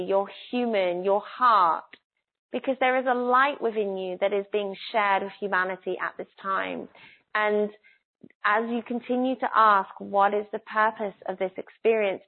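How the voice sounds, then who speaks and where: A woman guides a listener through a spiritual reading in a soft, coaxing voice, lingering on the phrases that matter most. Her voice sits at an ordinary middle pitch. She comes through a laptop call, so the sound is thin and tinny, like a phone line. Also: vocal fry. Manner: soft, earnest, coaxing, slows down on key phrases. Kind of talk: live online spiritual reading. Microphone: laptop on a video call.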